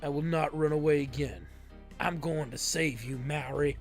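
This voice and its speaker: A man's voice: on the high side, moderate pace, vocal fry, soft background music. A man voicing a determined young hero in a video game, earnest and solemn.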